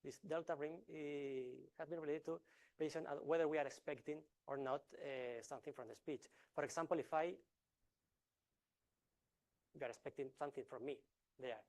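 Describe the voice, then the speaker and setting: A man presenting a research talk in an academic lecture style, explaining step by step with frequent filler sounds, restarts and deliberate pauses. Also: fairly high pitch, fairly even intonation, darkish tone.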